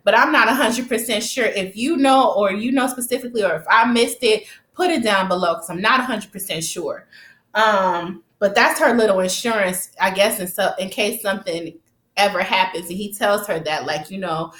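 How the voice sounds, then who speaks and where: Here a woman's mid-range voice moves at a moderate pace in a roomy-sounding space. Speaking directly to viewers in relaxed, slangy chat, she retells a TV episode with lively storytelling, sound effects, and laughter.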